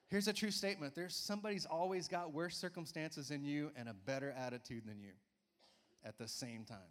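A man in his forties preaching a sermon in a church, energetic and coaxing, often urging listeners with "come on.". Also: medium pitch. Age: 40s. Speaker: pastor. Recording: church hall reverb.

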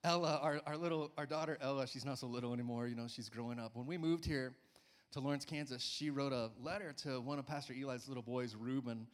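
Energetic forty-year-old pastor preaching in a hall. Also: male voice, medium pitch, fast. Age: 40s. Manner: energetic, coaxing with repeated "come on". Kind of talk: sermon. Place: church. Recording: church hall reverb.

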